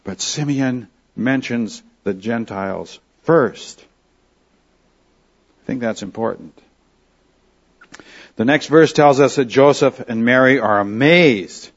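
A man from Canada preaching a verse-by-verse sermon, leaning on key words and dropping soft at the ends of phrases. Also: mid-range voice, slow, long pauses. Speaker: pastor. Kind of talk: expository sermon. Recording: slightly dull lo-fi sound.

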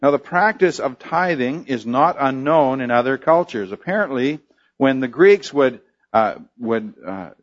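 A man's voice: medium pitch, expressive, a little slow, lo-fi sound. A man preaching a sermon, explaining a scripture passage unhurriedly with frequent fillers and restarts. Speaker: pastor.

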